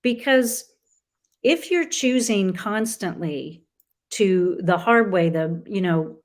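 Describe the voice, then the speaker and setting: A middle-aged woman, a guest author in a conversational interview, who talks in an earnest, halting way with many restarts. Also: mid-range voice, lively intonation.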